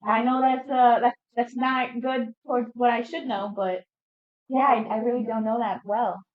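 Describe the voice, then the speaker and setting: A woman's voice: on the high side, steady tone, normal speed, phone-quality sound. Hesitant young-sounding woman player, echoey. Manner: hesitant, chatty. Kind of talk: playing a tabletop game in character.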